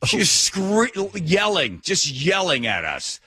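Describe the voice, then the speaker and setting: A middle-aged man hosting a talk radio show, telling a story in an animated, indignant rant. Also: on the high side, slow pace, slightly rough, no room sound, clean studio sound. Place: radio studio.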